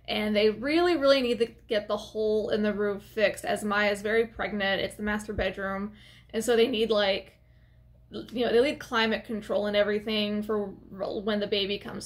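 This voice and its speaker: A woman casually recapping a horror film for her channel, chatty and expressive, with plenty of filler words and side comments. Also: medium pitch. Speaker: movie reviewer. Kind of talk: casual movie recap to camera.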